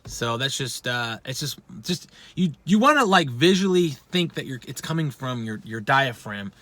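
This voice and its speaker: A man's voice: mid-range voice, sing-song, moderate pace, pushed and bright, dry recording. A man giving a casual vocal lesson, talking bluntly with plenty of swearing and poking fun at himself. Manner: blunt, profane, self-deprecating. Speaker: vocal instructor.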